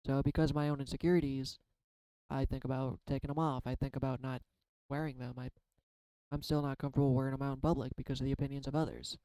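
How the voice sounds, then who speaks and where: A man's voice: mid-range voice, dark tone, clear, resonant tone, dry recording, poor audio. A man rambling through a spiritual card reading in a casual, confessional vlog, often self-deprecating. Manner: tearful at times. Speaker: tarot card reader.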